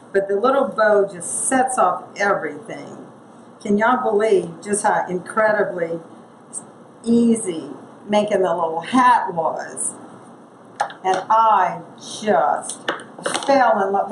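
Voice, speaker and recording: Woman, gravelly, casual craft demo, roomy echo, background noise. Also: mid-range voice. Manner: chatty, thinks aloud while working. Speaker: craft tutorial host. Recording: echoey room with noise.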